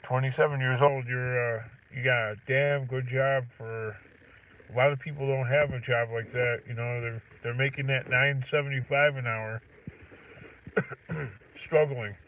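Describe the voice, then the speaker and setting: A middle-aged man chatting casually on a livestream, rambling, clearing his throat and chuckling as he talks from his truck. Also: medium pitch, fairly even intonation, measured pace, recorded from a distance, slight background noise. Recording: tinny phone-like audio from off-mic.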